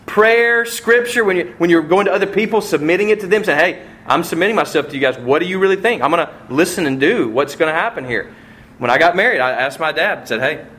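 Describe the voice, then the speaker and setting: A middle-aged man preaching a sermon as pastor, telling a family story and acting out the voices in it, with sharp swings from soft to loud. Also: fairly high pitch, a little hiss or hum. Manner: storytelling with vivid acted-out quotes and swings in loudness.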